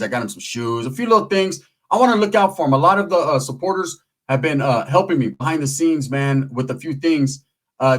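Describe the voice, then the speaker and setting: Guy hosting his channel, slangy and playful storytelling, kinda high voice. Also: a bit bright, low-quality recording. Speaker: channel host. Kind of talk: casual storytelling commentary.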